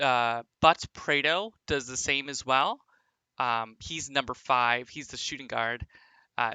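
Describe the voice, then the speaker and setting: A male streamer chatting loosely with his viewers over a basketball sim, padding his talk with ums and uhs. He speaks slowly with a bright, sharp-edged tone. The sound is dry and close. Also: mid-range voice, smooth, no room sound. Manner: rambling, filler-heavy, chatting with viewers.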